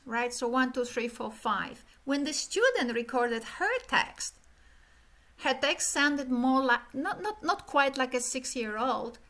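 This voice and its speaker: A middle-aged woman giving an animated academic keynote lecture, illustrating speech rhythm with sung syllables. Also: high-pitched. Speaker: keynote speaker.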